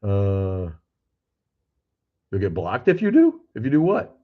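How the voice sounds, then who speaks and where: A low-voiced older man rambles through a casual livestream, reading comments aloud and swearing bluntly. His voice is husky, and it comes through dull, lo-fi stream audio. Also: huge pitch swings, takes it slowly. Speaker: livestream host. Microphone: streaming cameras.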